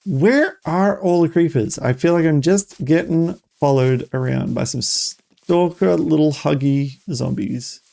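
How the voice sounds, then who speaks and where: A streamer giving excitable, chatty live gameplay commentary and talking straight to the viewers. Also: mid-range voice, a little slow, creaky.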